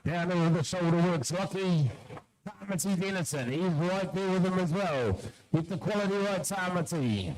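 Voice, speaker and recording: A man's voice: sits high, animated, normal speed, darkish tone, poor audio. A man giving live commentary at a shearing competition, calling out competitors' names and urging them on.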